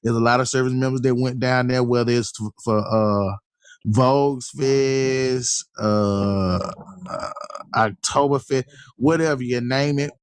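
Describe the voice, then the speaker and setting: A man's voice: mid-range voice, fairly even intonation, unhurried, smooth, dry recording, studio quality. A man chatting casually on a livestream, telling loose, slangy stories with lots of fillers. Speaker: livestream host.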